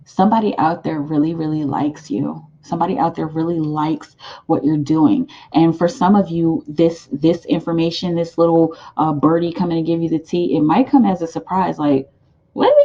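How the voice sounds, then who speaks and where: A woman giving a casual tarot card reading, rambling and animated, with many fillers and laughs. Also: fairly low pitch, highs cut off.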